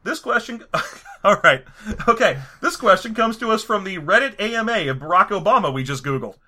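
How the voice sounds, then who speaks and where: A man's voice: high voice, lively intonation, fairly quick, sharp tone. A man co-hosting a podcast in crude, joking, opinionated casual chat. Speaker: podcast co-host.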